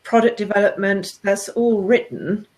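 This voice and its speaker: A woman host chatting casually and calmly about plans. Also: medium pitch, normal speed. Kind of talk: casual chat.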